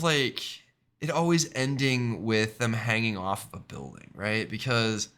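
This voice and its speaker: Brief: male streamer, bright, tense-edged tone, casual rambling chat full of fillers. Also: fairly low pitch, a little slow, clear, resonant tone. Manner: rambling, many fillers and tag questions.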